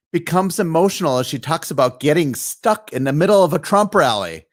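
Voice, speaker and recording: A man's voice: a little high, sing-song, moderate pace, hardly any pauses. Guy rambling on his live stream, chatty, lots of ums and restarts. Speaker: host of a live online show. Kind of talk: casual live-stream commentary.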